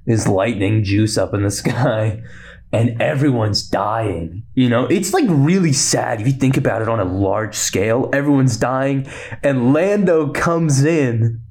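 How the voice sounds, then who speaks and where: A man hosting a podcast, chatting casually about films, talking fast and rambling with lots of fillers and restarts. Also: medium pitch, expressive, a little mellow. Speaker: podcast host. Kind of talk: casual rambling film chat.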